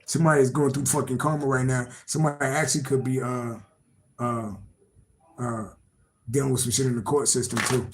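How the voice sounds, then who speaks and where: A man's voice: mid-range voice, flat delivery, fairly quick, rough recording. A man doing a casual live-stream tarot reading, rambling and repetitive, swearing freely and laughing to himself. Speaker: tarot reader.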